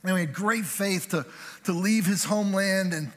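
Man preaching, high voice, joking asides, conversational sermon, long church reverb. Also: moderate pace. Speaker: pastor. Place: church sanctuary. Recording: hall reverb from a church sanctuary.

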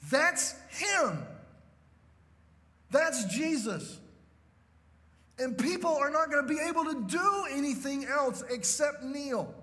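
A man's voice: extremely high pitch, lively intonation, slow pace, long pauses, pushed and bright, long reverb tail. A man preaching a sermon as pastor, telling a story with emphasis and often checking in with the crowd. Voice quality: emphatic storytelling with frequent "okay?" check-ins.

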